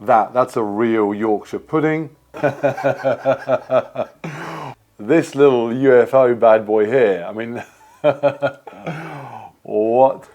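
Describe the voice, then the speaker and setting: A man's voice: medium pitch, extremely slow, a little mellow. Playful man taste-testing food. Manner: playful, chatty, joking. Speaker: vlogger host. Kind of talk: casual food taste-test chat.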